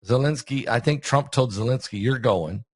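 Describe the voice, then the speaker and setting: A man's voice: mid-range voice, moderate pace, breathy edge, dry recording, studio quality. A man hosting a casual conversation, chatty and asking leading questions. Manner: chatty, asks leading questions, many fillers. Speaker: host and preacher.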